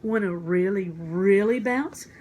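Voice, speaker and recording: A woman's voice: medium pitch, darkish tone, slight background noise, lightly acted. A woman voicing a prissy, show-off little girl in a storybook who drags out her words. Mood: sneaky whisper. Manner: show-offy, drawn-out and precious.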